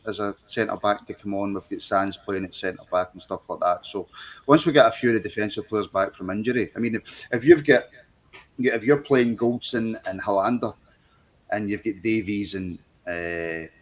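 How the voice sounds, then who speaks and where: A man's voice: on the low side, normal speed. A man hosting a football podcast phone-in, taking calls in an easygoing way and asking callers follow-up questions. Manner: easygoing, takes calls, asks follow-ups. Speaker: podcast host.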